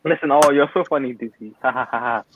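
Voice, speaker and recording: A young man, a guest pundit in heated football banter, ranting loudly and with strong opinions. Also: medium pitch, a little hiss or hum. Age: young adult. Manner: loud, ranting, opinionated, quick asides. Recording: tinny dry phone-line audio.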